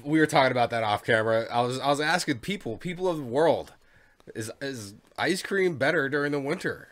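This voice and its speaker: A man co-hosting a podcast, talking in a rambling, halting way with frequent restarts. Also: mid-range voice, animated, a bit bright. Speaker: podcast co-host. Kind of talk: casual chat.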